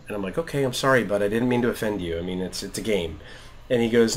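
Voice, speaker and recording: Brief: man, 30s, casual gaming podcast co-host, lively storyteller who acts out dialogue, laughs a lot. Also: fairly low pitch, fast, a little hiss or hum. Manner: animated storyteller, acts out quotes, laughs often. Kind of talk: casual chat while gaming.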